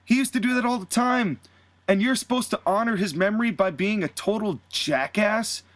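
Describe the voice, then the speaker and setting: A man's voice: sits high, normal speed, fairly bright tone, no room sound, voice pushed up. A man doing a sneering, cocky young wrestler. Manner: taunting, mocking, swearing.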